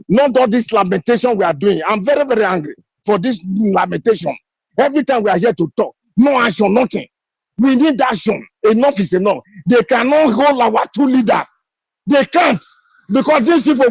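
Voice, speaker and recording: A man's voice: very high voice, slightly rough, no echo. A man with a Nigerian English accent gives an impassioned speech on an online call, piling up repeated rhetorical questions. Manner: repetitive rhetorical questions, fiery. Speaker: participant in an online discussion. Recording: dull lo-fi online call audio.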